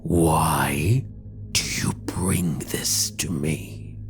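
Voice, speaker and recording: A man voicing a menacing, scornful archdevil in a low, slow voice that drops at times to a whisper. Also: steady tone, soft background music, exaggerated voice. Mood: cold.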